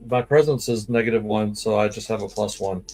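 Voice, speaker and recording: A man playing a tabletop role-playing game over a voice call. He talks haltingly, restarting sentences and filling them with uhs. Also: fairly low pitch, gravelly, a little mellow, soft background music. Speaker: player.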